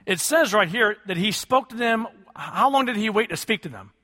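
High, bright-voiced preacher man in a reverberant hall. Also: expressive, moderate pace. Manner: preaching with call-and-response questions to the congregation. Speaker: pastor. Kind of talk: sermon.

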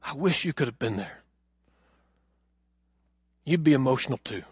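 A man preaching a sermon, telling a story earnestly and asking the congregation questions, moving from loud emphasis to hushed lines. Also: mid-range voice, lively intonation, normal speed, slightly rough, dry recording, clean studio sound. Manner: addresses the congregation directly with questions. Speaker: pastor.

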